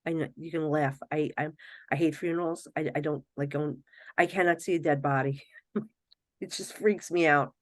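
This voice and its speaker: A middle-aged woman, a psychic medium guest on a podcast, telling stories in a casual, animated way, often acting out other people's voices and laughing. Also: deep voice, normal speed, no echo. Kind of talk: casual storytelling in a podcast interview.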